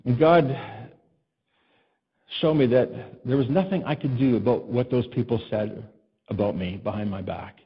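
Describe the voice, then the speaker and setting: A man delivers a sermon in an easy, conversational way, asking his listeners questions and acting out conversations. His voice is somewhat husky and sits at a middle pitch. The recording sounds muffled and dull. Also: moderate pace, pauses often. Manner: conversational, asks the congregation questions, acts out quotes. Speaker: pastor.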